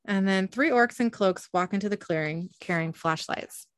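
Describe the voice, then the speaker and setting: A woman reading a story aloud as narrator, in an even narrating manner. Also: medium pitch, normal speed.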